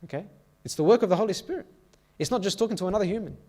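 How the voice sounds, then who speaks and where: Slightly high-voiced man preaching to youth. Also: lively intonation, rapid-fire, dark tone. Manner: keeps checking in with "okay?" and "all right?". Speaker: youth meeting speaker. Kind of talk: youth sermon with storytelling. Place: church.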